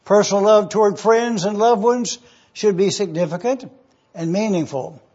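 A man preaching a numbered teaching sermon, speaking slowly and deliberately and repeating key phrases. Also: high-pitched, darkish tone, highs cut off.

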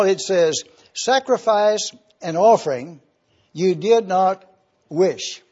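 A man preaching a slow expository sermon, deliberately spelling out Greek words letter by letter. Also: high-pitched, a little mellow, husky. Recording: dull lo-fi church recording.

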